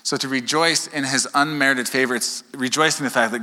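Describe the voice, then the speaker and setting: A man's voice: medium pitch, fairly quick. A male pastor preaching a sermon to his congregation in a conversational way, often checking in with "okay?" and joking with the crowd. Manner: conversational, keeps asking "okay?"; animated, jokes with congregation. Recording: long hall reverb.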